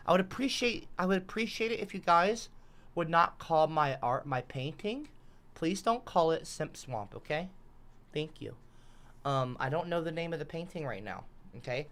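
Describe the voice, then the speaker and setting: A woman's voice: sits low, fairly bright tone. Sarcastic rambling woman streamer. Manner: sarcastic, rambling, swears a lot. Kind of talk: casual rambling stream talk.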